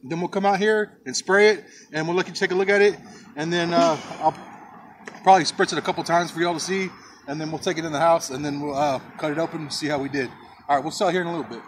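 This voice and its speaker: A barbecue channel host with a fairly high voice talks fast in a relaxed, chatty, folksy manner, addressing his viewers as folks and y'all. He's outdoors beside his smoker with faint noise around him, coughing from pepper rub during this casual cooking vlog.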